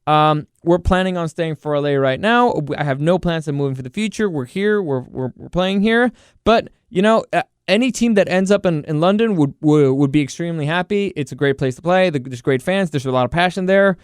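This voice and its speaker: A man plays a calm team owner giving a measured press answer, hesitating now and then. The voice sits high and smooth, and the sound is close and dry. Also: no echo, close to an everyday voice.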